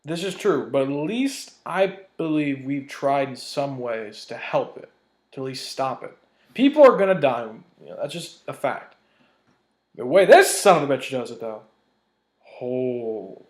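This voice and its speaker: A man's voice: mid-range voice, big pitch swings, a little slow. A man ranting in a vlog, heated and profane, hammering his points with emphasis. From United States. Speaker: vlogger. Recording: roomy echo.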